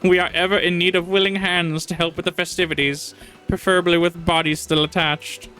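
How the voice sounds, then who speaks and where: A man's voice: high voice, little pitch movement, fairly quick, sharp tone, clean tone, faint music behind, voice pushed up, rough recording. Dude doing a scheming pumpkin witch in a pompous villain voice, no attempt at a lady voice. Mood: sly. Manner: pompous, sly villain voice instead of a female voice. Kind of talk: reading game dialogue aloud.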